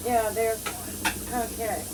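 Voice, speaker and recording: A woman's voice: fairly high pitch, steady tone, takes it slowly, far from the mic, very noisy. A woman making brief, practical remarks while setting the table at home.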